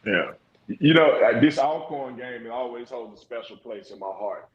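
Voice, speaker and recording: A man's voice: medium pitch, lively intonation, normal speed, reverberant, muffled recording. A man hosting a casual sports chat, telling an old stadium memory with easy chuckles. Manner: nostalgic, chuckling storyteller. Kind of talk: casual storytelling.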